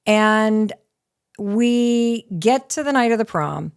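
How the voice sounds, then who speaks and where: Middle-aged woman, podcast guest, gravelly texture, candid animated storytelling. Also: on the high side, slow pace. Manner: lively, candid storyteller who swears casually. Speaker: guest author.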